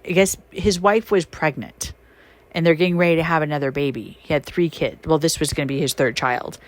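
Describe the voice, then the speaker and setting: A woman hosting a podcast, telling stories in a casual, chatty monologue with many fillers and sudden emphatic rises in pitch. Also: a little fast. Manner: animated, emphatic, swings her pitch up when excited. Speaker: podcast host and shaman.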